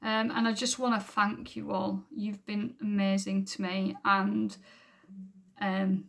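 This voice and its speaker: Woman, church testimony to camera, gravelly, monotone, earnest and rambling. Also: medium pitch, measured pace. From England. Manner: earnest, rambling, with frequent ums. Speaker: church member giving testimony. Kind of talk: unrehearsed personal testimony to camera. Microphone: camera recording at home.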